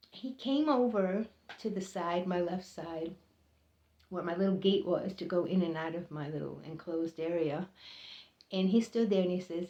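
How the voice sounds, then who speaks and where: A woman telling a personal story in an earnest, halting way, often pausing and repeating herself as the feeling builds. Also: warm tone. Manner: earnest, halting, emotional, voices others' lines higher. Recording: roomy, slightly dull recording.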